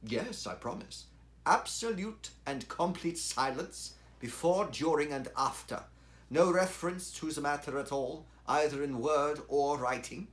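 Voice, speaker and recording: Un hombre poniendo voz a un coronel enjuto y receloso. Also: male voice, lowish voice, unhurried. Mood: guarded. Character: secretive, suspicious, gaunt middle-aged colonel.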